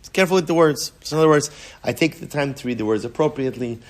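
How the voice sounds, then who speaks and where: A rabbi with a fairly high-pitched, racing voice gives a casual, conversational Talmud lesson. He often repeats words as he restarts sentences and answers his students' questions.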